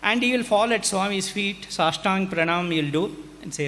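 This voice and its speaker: A man's voice: sits high, normal speed. A man, giving a humorous, anecdotal address and acting out bits of dialogue. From India. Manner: animated, humorous, acts out dialogue. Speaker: hostel warden giving an address. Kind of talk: anecdotal storytelling speech. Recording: hall reverb with faint background noise.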